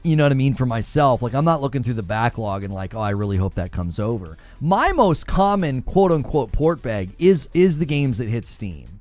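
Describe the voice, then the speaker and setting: A man's voice: mid-range voice, big pitch swings, normal speed, few pauses, darkish tone, no echo, faint music behind. A man hosting a gaming news show, chatting casually and sarcastically, laughing often as he mocks online insults. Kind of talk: casual commentary.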